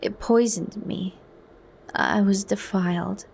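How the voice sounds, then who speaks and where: A woman voicing a defiant, intense young male outsider in a soft, earnest whispered role-play. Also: high voice, takes it slowly, gravelly, a little hiss or hum, full character voice. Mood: grim.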